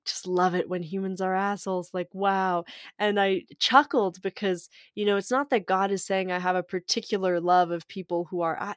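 A woman's voice: mid-range voice, dry recording, clean studio sound. A woman talking casually about spirituality, playful and irreverent, swearing freely and laughing often.

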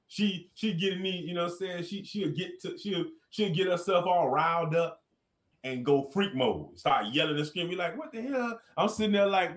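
Echoey laid-back slangy man. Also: high voice. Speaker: guest. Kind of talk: casual chat.

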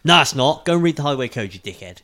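A man who drives lorries, co-hosting a casual podcast and ranting bluntly about the highway code with plenty of swearing. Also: animated, quick pace, bright, forceful tone. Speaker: podcast co-host, lorry driver. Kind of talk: casual chat.

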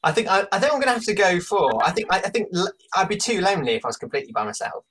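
A man in his thirties chatting loosely on a podcast, laughing easily as he works through a silly question. His voice is slightly raised and husky, and it swings up and down a lot. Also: high-pitched, very fast. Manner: laughs often, animated, puts on an Australian voice in jokes. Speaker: podcast guest answering a question. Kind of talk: casual chat.

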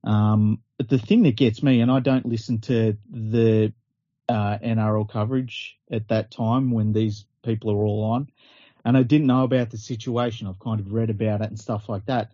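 A man on a sports podcast, incredulous and earnest, with frequent curses. His voice is very dark and husky, and the dull lo-fi audio is dry, with no room sound. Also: fairly low pitch, fairly even intonation, normal speed, no echo. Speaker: podcast co-host. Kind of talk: casual podcast chat.

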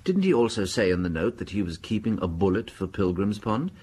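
An actor playing a gentle, shrewd English priest detective in a radio drama, with an English accent and a dry, understated manner. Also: male voice, fairly low pitch, big pitch swings, a little fast, husky. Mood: probing.

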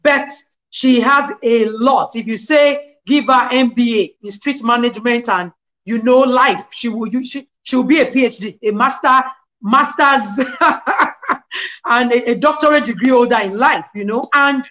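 A middle-aged woman, a guest on a video call, telling lively personal stories and quoting scripture. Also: on the high side, moderate pace. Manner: animated storyteller, quotes scripture. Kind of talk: casual interview, personal testimony.

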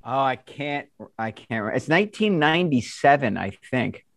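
A man co-hosting a podcast, tossing in quick sarcastic quips. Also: mid-range voice, animated, vocal fry, no room sound, clean studio sound. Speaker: podcast co-host. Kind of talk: casual chat.

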